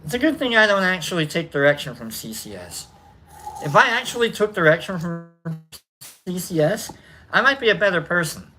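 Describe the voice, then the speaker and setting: A man with a bright, somewhat high voice hosts a casual livestream from an indoor room. He rambles affectionately through goodbyes, full of fillers and little jokes. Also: big pitch swings, a little fast. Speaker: livestream host. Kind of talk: casual livestream sign-off reading chat names.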